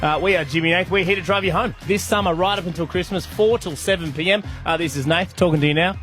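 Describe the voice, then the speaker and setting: A man's voice: high-pitched, a bit bright. Upbeat Australian male radio host. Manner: upbeat, teasing, quick. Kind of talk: drive-time radio banter. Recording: studio with music bed.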